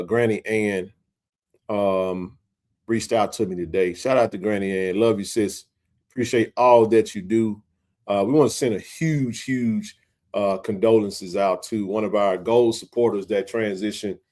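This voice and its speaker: A man, hosting a casual sports live stream and joking with his chat. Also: fairly low pitch. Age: 40s. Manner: joking, animated, talks to chat readers. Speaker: sports talk stream host.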